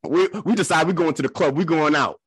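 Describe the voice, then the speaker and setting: A man with a fairly high voice tells embarrassing stories on a podcast with friends. He is loose, chatty and animated, and laughs and jumps into little voices as he goes. The sound is close and dry. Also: fairly quick, slightly rough, dry recording. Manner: animated, laughing storyteller who acts out quotes. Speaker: podcast co-host. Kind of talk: casual podcast storytelling.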